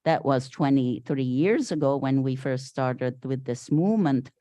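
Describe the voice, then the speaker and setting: An older woman from Syria, a guest speaker giving an animated storytelling talk at a Sunday service, acting out the voices she quotes. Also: rumbling low, unhurried, no echo. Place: spiritual center meeting hall.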